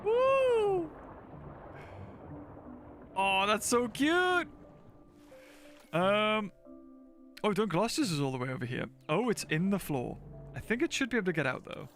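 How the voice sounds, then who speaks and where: A man's voice: sits high, big pitch swings, unhurried, pauses often, fairly bright tone, faint music behind. A man chatting casually while streaming gameplay, thinking aloud, laughing often and talking to his chat. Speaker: game streamer. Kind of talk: casual livestream gameplay commentary.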